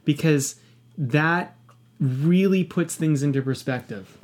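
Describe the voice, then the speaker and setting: A man's voice: on the high side, takes it slowly, a little mellow. A man talking candidly in a podcast conversation, passionate and emphatic, swearing often and reflecting earnestly on his own past.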